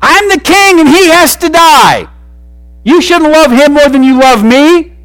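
A man voicing an insecure, angry king throwing a tantrum, shouting petulantly. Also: very high voice, lively intonation, unhurried, no room sound, pitched above the performer's own voice, heavily acted. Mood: petulant rage.

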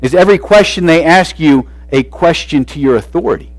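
A man preaching a sermon in an animated way, swinging between loud and soft with frequent restarts. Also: on the high side, a little fast, no room sound, poor audio.

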